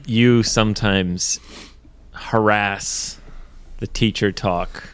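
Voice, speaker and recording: A man hosting a podcast, chatting in a relaxed, teasing way with his guest. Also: lowish voice, drawn-out words, smooth. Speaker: podcast host. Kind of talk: casual chat.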